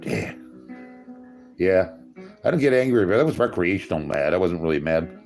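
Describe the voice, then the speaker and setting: A man from California hosts a casual livestream, reading comments and chatting with viewers in a rambling, wry way while chuckling at himself. His low voice is expressive and darkish in tone at a moderate pace, with faint music behind.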